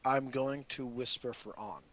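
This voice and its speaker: A man's voice: medium pitch, fairly even intonation, a little slow, a bit bright. Polite man playing a tabletop game. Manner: polite, asks the table for leeway. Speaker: player. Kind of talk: casual tabletop game chat.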